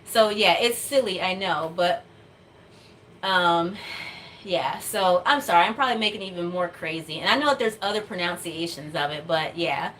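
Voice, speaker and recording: A woman's voice: on the low side, expressive, normal speed, a bit bright, a little hiss or hum. A woman vlogger from the United States chatting casually to her viewers, rambling with lots of fillers and little laughs. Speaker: doll customizing vlogger.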